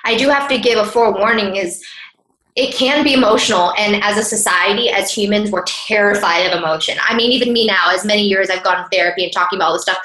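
A woman's voice: medium pitch, quick pace, bright, forceful tone. A woman speaking as a podcast guest, earnest and open, with frequent casual fillers. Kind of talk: candid conversational interview. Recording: roomy echo.

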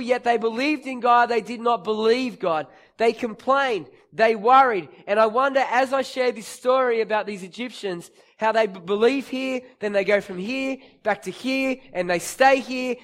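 High-voiced preacher telling a story. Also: male voice, a bit bright. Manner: storytelling with acted-out quotes, rising to emphatic peaks. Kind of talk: sermon.

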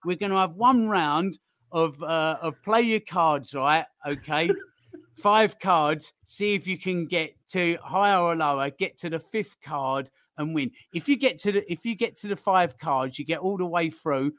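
Male quizmaster, a bit high, teasing and suspense-building, dry close sound. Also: measured pace, fairly bright tone, no echo. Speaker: quizmaster on a football fan show. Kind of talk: playful live-stream quiz hosting.

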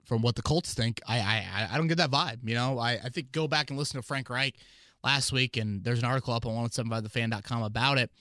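A man hosting a casual sports podcast, talking in an animated, rambling way with many fillers and restarts. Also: mid-range voice, fast talker, no room sound, clean studio sound. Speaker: podcast host and team analyst.

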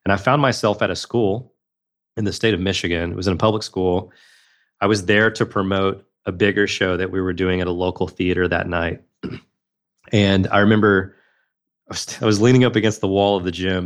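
A man's voice: sits low, steady tone, fairly quick. A man guest on a podcast interview, telling a personal story in an earnest, reflective way. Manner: earnest, reflective, with frequent restarts. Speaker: guest, magician and speaker.

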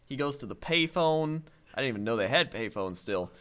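A man's voice: medium pitch, animated, a little fast, fairly bright tone. A man co-hosting a podcast who tells a rambling story, with lots of fillers and frequent laughter. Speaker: podcast co-host. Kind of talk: casual storytelling chat.

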